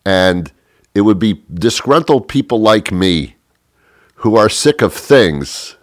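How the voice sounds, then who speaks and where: A man ranting sarcastically in a comedic monologue, exasperated, often leaping into a shrill mock-outraged pitch. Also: expressive, slow, no room sound, clean studio sound.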